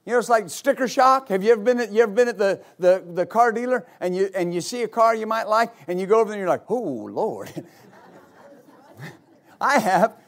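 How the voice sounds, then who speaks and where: High-voiced preaching pastor, man. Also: fast talker, hardly any pauses. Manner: builds to shouted, repetitive exhortation. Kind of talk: sermon.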